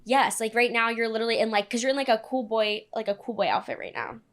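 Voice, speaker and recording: Young woman podcast co-host, fairly high voice, lively storyteller who acts out the people she quotes. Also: fast. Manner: animated storyteller, acts out quotes with big pitch jumps. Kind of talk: casual chat storytelling. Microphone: podcast studio mic.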